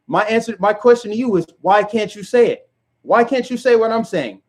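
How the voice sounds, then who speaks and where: High-voiced man ranting to camera. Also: moderate pace. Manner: emphatic, fires rhetorical questions. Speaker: video commentator. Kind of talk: direct-to-camera rant.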